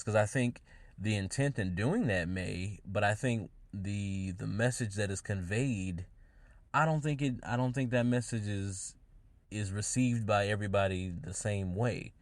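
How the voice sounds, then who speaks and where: Speaking solo on his podcast, this man offers personal views in a relaxed, thinking-out-loud style. His pitch sits fairly low and the recording is dry. He halts frequently and keeps starting his phrases over.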